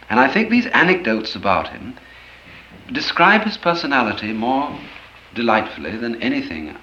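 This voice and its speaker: A man giving an expressive storytelling lecture, acting out the anecdotes as he goes. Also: lowish voice, slight background noise. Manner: expressive, animated, acts out stories. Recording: roomy, dull old lecture recording.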